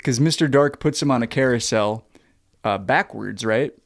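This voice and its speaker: A man's voice: medium pitch, moderate pace, vocal fry, dry recording, studio quality. A man co-hosting a horror film podcast, chatting casually about a movie plot, joking and swearing. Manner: joking, profane, jumps in with silly character voices. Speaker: podcast co-host.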